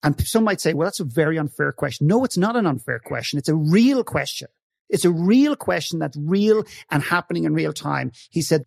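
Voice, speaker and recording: A man's voice: fairly high pitch, animated, fairly quick, vocal fry, dry recording, clean studio sound. A man speaking as a podcast guest, telling a story with emphasis, acting out the dialogue and swearing now and then. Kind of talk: passionate storytelling in conversation.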